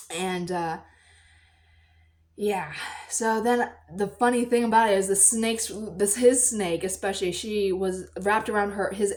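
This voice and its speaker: A woman tells a long, rambling story to the camera in a casual vlog. She is animated and keeps breaking into high, excited squeals as she acts out the people she quotes. Her everyday speaking voice sits at an ordinary middle pitch. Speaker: vlogger.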